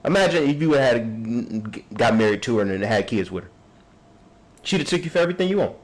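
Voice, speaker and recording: Animated man mocking a court clip. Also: mid-range voice, brisk, rough recording. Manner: animated, mocking, acts out people in quotes. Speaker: podcast host reacting to a court video. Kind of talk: casual commentary.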